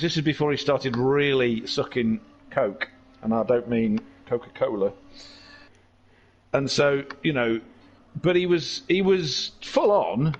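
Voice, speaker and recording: Man, race commentator, excitable, jokey, slightly dull audio, faint hum. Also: fairly high pitch. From England. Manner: excitable, jokey, tangent-prone. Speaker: sim racing commentator. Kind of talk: live race commentary with rambling jokes.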